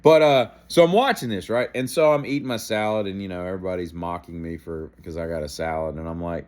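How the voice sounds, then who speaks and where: A man's voice: sits low, quick pace, hardly any pauses. A man, hosting a daily show, telling a rambling, self-deprecating story with dry asides. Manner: animated, self-deprecating, acts out gestures and inner thoughts.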